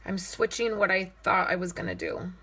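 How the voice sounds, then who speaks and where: A woman's voice: mid-range voice, steady tone, normal speed, bright, forceful tone, slightly rough. A woman leading a casual live card-making demonstration, chatting and thinking aloud as she works and answering viewers' comments. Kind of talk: casual live crafting demo.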